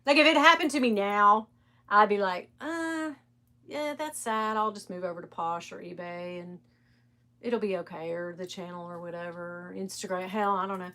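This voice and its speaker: A woman's voice: medium pitch, fairly even intonation, normal speed, bright, forceful tone. A middle-aged woman, hosting a casual live stream and chatting candidly, swearing freely and laughing often. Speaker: live stream host reselling designer bags.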